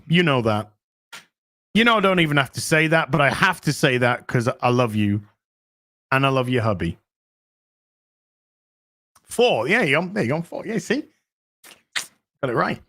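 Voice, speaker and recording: A man hosting a live stream, talking excitably to his chat, swearing freely as he reacts to the news. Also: medium pitch. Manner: excitable, swears, chats to viewers. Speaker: streamer host.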